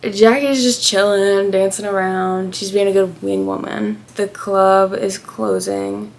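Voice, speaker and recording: Chatty young woman with gravelly fry. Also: mid-range voice, steady tone, slow pace, a little mellow. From United States. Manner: chatty, acts out quoted people. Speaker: vlogger. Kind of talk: storytime travel vlog.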